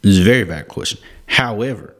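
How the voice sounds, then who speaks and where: A man's voice: fairly low pitch, expressive, quick pace. A young man, teaching a Bible passage in an earnest, casual way and often repeating and restarting his words. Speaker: devotional podcast host.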